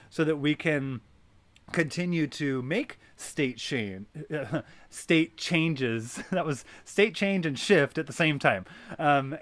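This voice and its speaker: Casual wellness host guy, fairly high voice, keeps saying right and you know, animated coaching. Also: dry recording. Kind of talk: guided wellness talk.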